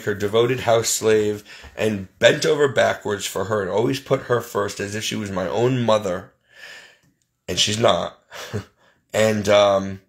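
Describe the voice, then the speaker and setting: With a mid-range, gravelly voice that's a bit bright, a vlogger talks directly to the camera. He lists what's going wrong for him in a blunt, exasperated tone, casual personal venting.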